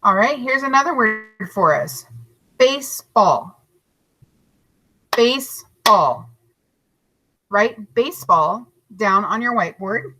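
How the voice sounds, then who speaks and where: A woman teacher giving a recorded lesson to young children, stretching out each word slowly and encouraging them. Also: medium pitch, animated, sharp tone, rough recording. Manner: slow, drawn-out modeling of words, encouraging.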